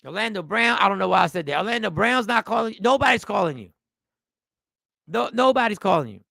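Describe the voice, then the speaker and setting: Man, comedic rant, mocking and repetitive, high voice, gravelly edge, dry close sound. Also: quick pace, no echo. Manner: mocking, repetitive, animated with sudden drops to mutters. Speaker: comedian reacting to a clip.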